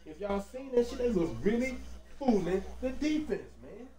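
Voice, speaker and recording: A man giving loose, slangy, excitable commentary over a basketball video game, peppering his talk with casual fillers. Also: very high-pitched, normal speed, reverberant. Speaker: gaming commentator.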